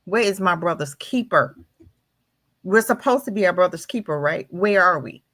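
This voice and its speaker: A woman's voice: on the low side, lively intonation, moderate pace, a bit bright. A woman guest on a talk show, speaking with fiery, preaching energy and firing off rhetorical questions. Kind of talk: impassioned commentary.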